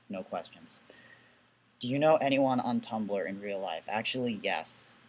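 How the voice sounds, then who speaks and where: A man's voice: on the low side, a little hiss or hum. A young man with a Southern New England accent, dropping his T's to glottal stops, answering questions in a casual vlog with dry, sardonic asides. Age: young adult.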